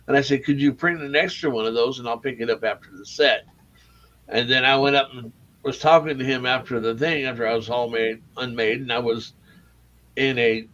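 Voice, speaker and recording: A man's voice: mid-range voice, a bit bright, lo-fi sound. A man from the Missouri Ozarks who works as a Santa performer, telling rambling anecdotes in casual chat. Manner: rambling anecdotes with stammered restarts.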